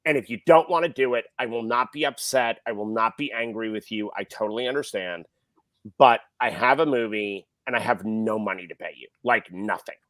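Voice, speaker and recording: A man's voice: on the low side, brisk, no echo. A middle-aged man, a film director and podcast guest, telling a story and acting out the people he quotes. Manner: animated, acts out quoted people. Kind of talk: casual storytelling.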